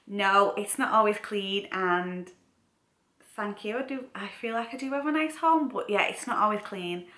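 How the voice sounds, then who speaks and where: A young woman talks to camera in a loose, rambling vlog, with lots of fillers and self-corrections. Her voice is bright and forward, and it rings in an echoey room at home. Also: mid-range voice, normal speed. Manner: chatty, rambling with frequent "like" and restarts. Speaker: vlogger. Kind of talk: casual chat to camera.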